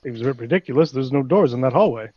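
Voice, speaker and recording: A man's voice: medium pitch, animated, racing, breathy edge, dry recording, lo-fi sound. A man playing in a tabletop game, dry and somewhat hesitant. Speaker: player.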